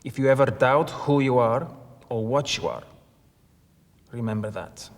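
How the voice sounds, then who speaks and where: A man's voice: medium pitch, lightly acted. A man playing a stern Soviet spy recruiter. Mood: commanding. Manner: formal, instructive, deliberate. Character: stern Soviet intelligence recruiter, commanding middle-aged man. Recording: reverberant room.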